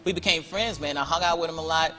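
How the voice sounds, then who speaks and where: A man's voice: a little high, fast talker, faint music behind. A middle-aged man, a comedian, telling funny stories on a talk show and acting out the voices. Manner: animated, acts out voices while telling stories. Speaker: comedian guest.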